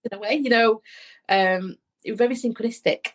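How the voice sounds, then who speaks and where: A woman's voice: on the high side, brisk. A woman, a podcast guest and medium, telling a heartfelt personal story in a rambling way, acting out the voices of the people she quotes.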